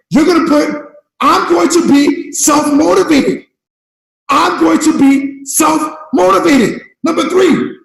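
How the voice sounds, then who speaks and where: A man giving a fired-up motivational speech on a team call, shouting and repeating himself like a preacher. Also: very high-pitched, creaky, reverberant, long reverb tail, poor audio. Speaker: network marketing leader.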